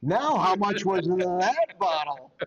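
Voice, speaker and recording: A man's voice: high voice, very animated, takes it slowly, over a noisy crowd. A man co-hosting a casual podcast tasting, full of joking banter. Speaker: podcast co-host. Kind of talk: casual chat. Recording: slightly dull lo-fi audio with faint noise.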